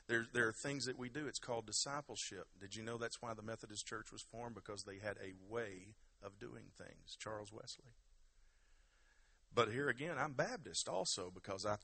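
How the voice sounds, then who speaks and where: A man's voice: mid-range voice, bright, forceful tone, slightly rough. A man preaching a sermon in a conversational, emphatic way and urging the congregation to give praise. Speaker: pastor.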